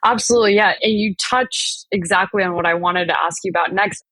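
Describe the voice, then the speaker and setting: A woman's voice: medium pitch, a little fast, sharp tone, dry recording. A woman hosting an interview, who affirms her guest and then asks a follow-up question. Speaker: podcast host. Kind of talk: interview host.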